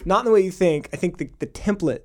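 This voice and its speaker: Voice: mid-range voice, fast talker. A speaker in a casual podcast chat, making joking asides while discussing how the show runs.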